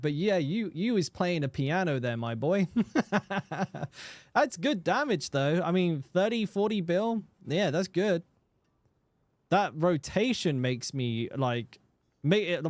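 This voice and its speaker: A man's voice: a little high, no echo. A man streaming a game and chatting casually with viewers, swearing freely and often repeating words. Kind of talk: casual live-stream chat.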